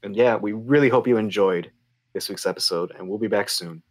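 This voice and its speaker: A man's voice: lowish voice, fairly quick. A man co-hosting a podcast, signing off in a joking, offhand way. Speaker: podcast co-host. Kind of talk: casual podcast chat.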